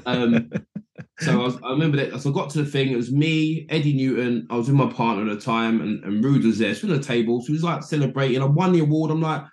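A man from England telling animated stories as a former footballer guest, acting out quotes and restarting his sentences. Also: medium pitch, quick pace. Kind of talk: anecdotal interview storytelling. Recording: roomy echo.

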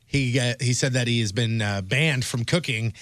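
A man co-hosting a podcast in casual chat, an excitable storyteller who stammers on restarts. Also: medium pitch, normal speed, no room sound, clean studio sound. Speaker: podcast co-host.

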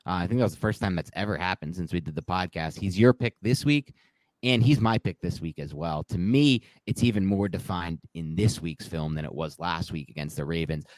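A low-pitched man co-hosts a sports podcast, breaking down a game in loose, rambling talk. He corrects himself and laughs at his own slips, and the recording has no room sound.

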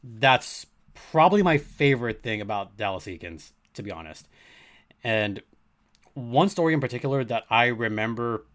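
A man's voice: medium pitch, fairly bright tone. A man hosting a sports podcast, talking earnestly and with emphasis, repeating his key points. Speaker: podcast host.

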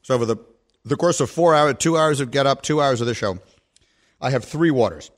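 A man's voice: mid-range voice, a little fast. A man hosting a sports talk podcast, chatting casually and rambling a little, sounding slightly congested. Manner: chatty, self-deprecating, rambling.

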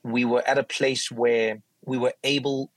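A middle-aged South African man with a South African accent, a guest telling lively stories in a casual interview and acting out what others said. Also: medium pitch, a little slow, no echo, poor audio. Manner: animated, acts out quoted voices.

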